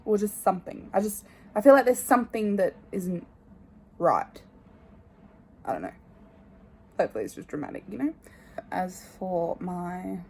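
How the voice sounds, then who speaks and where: A young woman in her twenties chatting to her phone camera, rambling and candid, often trailing off quietly. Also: mid-range voice, creaky, a little hiss or hum. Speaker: vlogger. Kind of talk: casual chat to camera. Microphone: phone held at arm's length.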